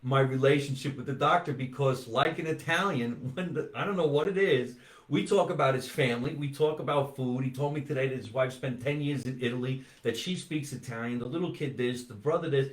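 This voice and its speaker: An older man chatting on his comedy podcast. He tells animated stories and swears freely. His mid-range voice carries a roomy echo. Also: medium pitch, fairly quick. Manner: animated storyteller, swears, does voices in anecdotes. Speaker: podcast host. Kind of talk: casual comedy chat.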